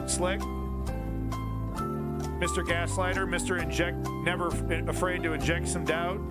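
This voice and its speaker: A man hosting a live stream, rambling through casual commentary on clips and sarcastically taunting viewers in chat, with swearing. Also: fairly high pitch. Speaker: livestream host.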